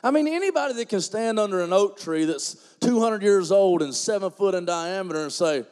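A man preaching a sermon as pastor, folksy and joking, swinging from quiet asides to loud emphatic preaching. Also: high-pitched, lively intonation, a little fast, clean tone, big-room sound.

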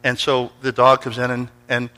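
Man, middle-aged, pastor, lively storytelling sermon, calls on congregation, very bright tense voice, church. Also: mid-range voice, moderate pace, low-quality recording. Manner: energetic, calls out to the congregation for responses. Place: church sanctuary before a congregation.

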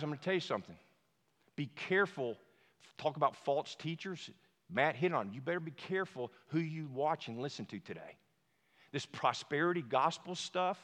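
A man preaching a sermon as a pastor, emphatic, dropping to a hush and then rising to shouts. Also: on the high side. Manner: emphatic, swings from hushed to shouting. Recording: long hall reverb.

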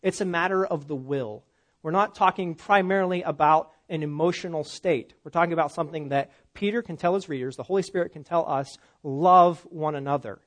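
A middle-aged pastor delivers his sermon in a voice that sits a little high for a man. He preaches in a conversational way and keeps checking in with his listeners. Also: brisk. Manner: conversational preaching, frequent "all right?" and "right?" check-ins.

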